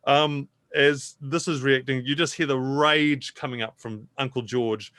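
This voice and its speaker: A man at a mid-range pitch guides players through a tabletop adventure. He narrates in a measured, descriptive way. The sound is dry and close. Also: fairly even intonation, fairly bright tone, no room sound. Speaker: dungeon master.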